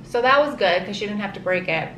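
A woman casually telling her own birth story in an animated, dramatic way, leaning on "like" a lot. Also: mid-range voice, fast talker. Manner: animated, dramatic, says "like" often. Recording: roomy echo with faint ambient hiss.

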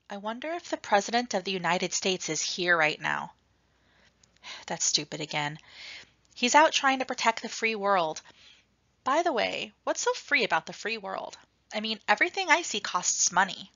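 A woman reading a novel aloud in an expressive first-person storytelling voice. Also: mid-range voice, normal speed, gravelly, no echo, muffled recording. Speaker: reader.

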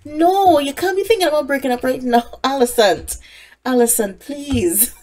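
A woman's voice: sits high, moderate pace, a little mellow. A woman giving casual let's-play commentary, chatting away and talking to the game characters. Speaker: gaming creator.

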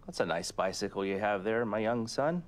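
A middle-aged man hosting a comedic interview, asking awkward questions in a deadpan, halting manner. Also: on the low side. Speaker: talk show host.

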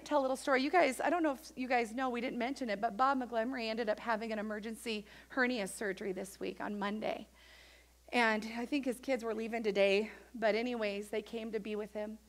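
A woman pastor preaching a sermon in an animated, emphatic storytelling manner. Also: fairly high pitch.

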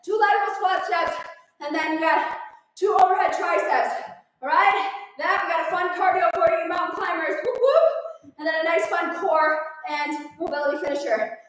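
A high-pitched woman with a Minnesotan accent coaches a workout, upbeat and encouraging, counting down each set while she exercises. Her voice sounds distant, with a strong echo around it. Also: fairly even intonation, normal speed, fairly bright tone. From Minnesota, USA. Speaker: fitness instructor.

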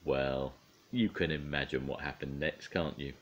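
Older man, grandfather, low voice, lively intonation, playful bedtime storytelling. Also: moderate pace. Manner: expressive, playful storytelling to children. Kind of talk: storybook read-aloud.

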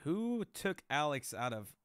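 A man's voice: a little high, sing-song, measured pace, heavy background noise. A young man streaming live, chatting loosely with chat in rambling, profane slang.

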